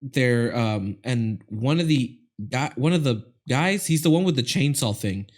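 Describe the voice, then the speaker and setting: Podcast host, man, mid-pitched, rambling casual recap. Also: expressive, a little slow, a little mellow. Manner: rambling, laughing, full of restarts. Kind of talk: casual movie recap chat.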